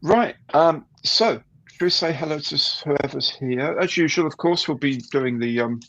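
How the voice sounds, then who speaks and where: A man hosts a casual live stream with a gravelly, husky voice. He chats easily and greets viewers one by one. The sound is dull and lo-fi. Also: fairly high pitch, normal speed. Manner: chatty, greets viewers warmly by name.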